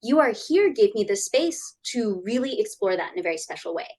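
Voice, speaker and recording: A woman in her thirties, a guest author chatting in an interview over a video call, animated and acting out quoted voices. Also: fairly quick, rough recording. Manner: animated, acts out quoted voices with big pitch jumps. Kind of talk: casual interview chat.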